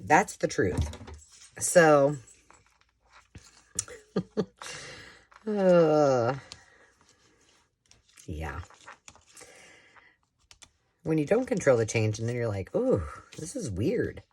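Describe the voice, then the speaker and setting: Chatty, lively-voiced woman crafter vlogging. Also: rumbling low, very slow, pauses often, a little hiss or hum. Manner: rambling, animated storyteller who laughs often and acts out quoted voices. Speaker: craft channel host. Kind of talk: chatty crafting vlog, storytelling while working.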